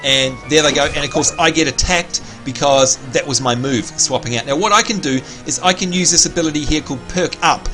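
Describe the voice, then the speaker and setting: Australian male streamer, pitched a touch high, excitable live game commentary, faint music underneath. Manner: excitable, jumps into high squeals of delight.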